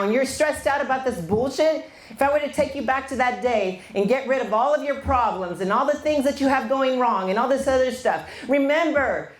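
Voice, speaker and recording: Blunt, fiery woman coach, echoey room. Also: on the high side. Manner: blunt, fiery, swears freely. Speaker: business coach. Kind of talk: motivational talk to an audience.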